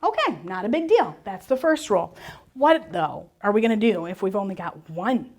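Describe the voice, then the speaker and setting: A woman's voice: medium pitch, moderate pace. A woman teaching a class on spelling and syllable rules, encouraging and asking questions she answers herself. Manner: lively, encouraging, asks and answers her own questions.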